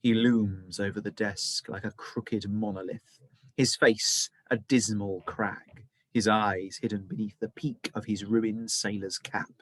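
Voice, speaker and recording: A male teacher reading a children's novel aloud, with expressive, dramatic storytelling. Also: lowish voice, measured pace.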